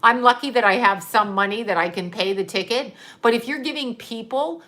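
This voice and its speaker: A woman's voice: on the high side, a little fast, bright, forceful tone. A middle-aged woman telling a story in a casual, blunt and sarcastic way, swearing freely and laughing often. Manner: ranting, profane, laughs often.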